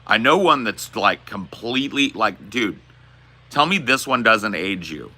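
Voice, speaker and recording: A male streamer talks to his chat in a loose, rambling way and swears often. His voice sits low but has a very bright, forceful edge. He sounds relaxed and unscripted. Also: a little slow, slightly rough. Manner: rambling, profane, laid-back. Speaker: streamer answering chat questions. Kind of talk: casual livestream chat.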